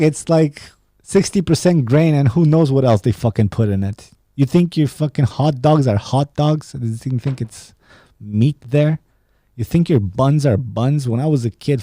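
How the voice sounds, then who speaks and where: A man rants on his own podcast, swearing freely and mocking his listeners with heavy sarcasm. His voice is dark and mellow. The sound is close and dry, with no room around it. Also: mid-range voice, no echo. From Romania. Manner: profane, sarcastic ranting. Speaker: podcast host. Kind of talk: casual solo podcast rant.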